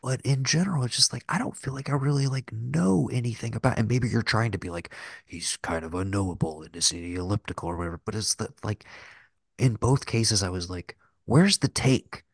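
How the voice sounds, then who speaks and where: A man with a fairly low, creaky voice and a breathy edge talks a little fast as a podcast co-host. He rambles about films with heavy use of "like" and plenty of cursing, and the studio sound is clean with no echo.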